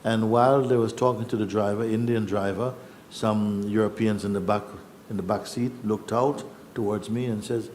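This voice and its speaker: A man, a spiritual teacher telling his own story in a reflective, unhurried way with pauses and restarts. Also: on the low side, steady tone, darkish tone, a little hiss or hum. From Jamaica. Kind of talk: personal storytelling.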